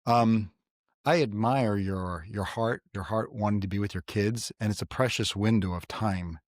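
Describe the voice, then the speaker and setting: A middle-aged man from New York hosting a casual faith podcast, telling stories in an animated way and often repeating himself. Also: fairly low pitch, moderate pace, dry recording, clean studio sound. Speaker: podcast host.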